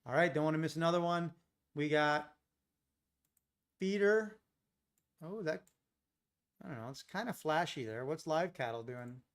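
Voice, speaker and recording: A man's voice: a little high, a little slow, long pauses, smooth. A man hosting a live day-trading stream, thinking aloud through his trades and chatting with viewers. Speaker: day trading livestream host.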